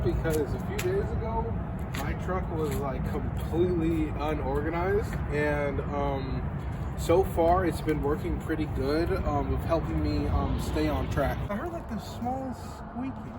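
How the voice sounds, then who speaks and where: A man's voice: on the high side, animated, a little slow. A man casually vlogging outdoors beside his truck, rambling with lots of fillers and swearing. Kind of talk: casual vlog talk. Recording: outdoor street noise with vehicles. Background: traffic and city ambience.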